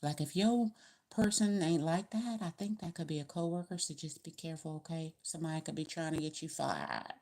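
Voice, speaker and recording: A woman's voice: sits low, very animated, a little fast, darkish tone. A woman giving a casual tarot reading to camera, talking in a chatty, colloquial, rambling way. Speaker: tarot reader.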